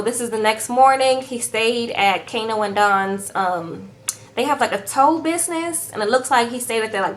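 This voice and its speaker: Recapping a reality show in a voice on the high side and a bit bright, this woman keeps things sassy and conversational. "Okay?" punctuates her sentences, and her viewers are all "girl."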